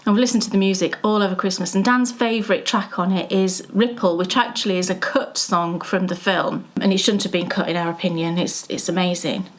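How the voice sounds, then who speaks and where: A woman co-hosting a casual knitting chat, chatty and excitable. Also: lowish voice, brisk, few pauses. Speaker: podcast co-host.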